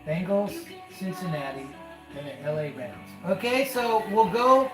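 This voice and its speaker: A man's voice: sits high, animated, measured pace. A man hosting a casual live stream as a father, folksy and chatty, calling his listener son. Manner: folksy, calls the listener son, chatty about betting odds. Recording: echoey room with loud music.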